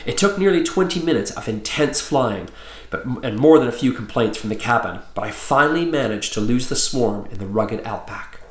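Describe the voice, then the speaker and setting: Lively man reading a children's book. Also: mid-range voice, moderate pace. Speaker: author reading his book aloud. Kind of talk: children's book read-aloud. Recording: roomy echo.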